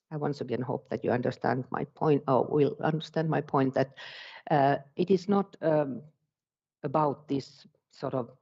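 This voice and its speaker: Finnish-accented male presenter, hesitant non-native English, warm low tone, dull recording. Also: gravelly. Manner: halting, searching for words in a second language. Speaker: education speaker. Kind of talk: conference presentation.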